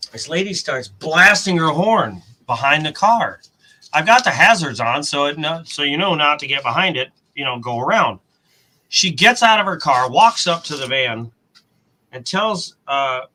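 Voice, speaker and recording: Bright-voiced American man telling a story. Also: on the high side, poor audio. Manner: animated storyteller, acts out quotes, mild cursing dodges. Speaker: coin roll hunting host. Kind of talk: casual storytelling chat.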